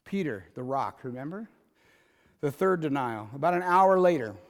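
A man preaching a sermon in a conversational way, alternating loud emphatic lines with quiet asides. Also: fairly high pitch, lively intonation, moderate pace, big-room sound. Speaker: pastor.

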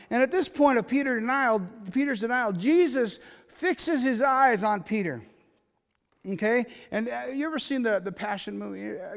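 A man preaching a sermon in a conversational way, alternating loud emphatic lines with quiet asides. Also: extremely high pitch, long reverb tail. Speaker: pastor.

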